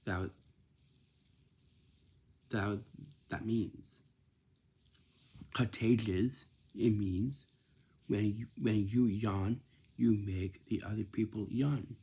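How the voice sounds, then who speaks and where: A man talking casually to camera with job-hunting advice in simple, plain words, often halting and repeating himself as he lectures. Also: lowish voice, fairly even intonation, mellow, breathy edge. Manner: repetitive, halting, restarts phrases often.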